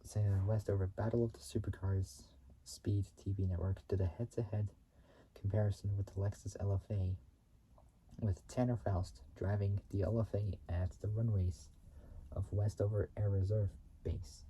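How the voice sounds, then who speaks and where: A man hosting his own video channel, reading car facts in a halting way, often restarting and repeating phrases and correcting himself. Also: on the low side, flat delivery, mellow, slight background noise, low-quality recording. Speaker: YouTube channel host.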